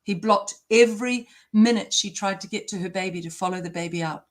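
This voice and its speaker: A woman gives an interview at a middle pitch. She speaks with emphatic, emotional indignation. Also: brisk. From New Zealand. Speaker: interview guest. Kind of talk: impassioned interview talk.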